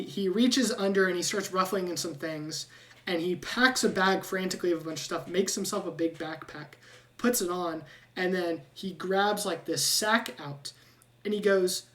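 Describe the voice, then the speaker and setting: A woman's voice: fairly low pitch, steady tone, measured pace, distant mic. A woman narrating a tabletop game as game master in a playful way.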